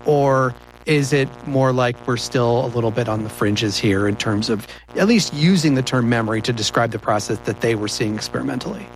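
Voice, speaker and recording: A male podcast host talks with a guest in a relaxed interview. He asks questions quickly and conversationally. His voice sits at a medium pitch. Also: faint music behind, low-quality recording.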